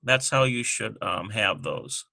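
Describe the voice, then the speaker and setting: A man teaching a lesson over a screen recording, talking haltingly with many ums and self-corrections. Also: lowish voice, lively intonation, gravelly, pushed and bright, dry recording.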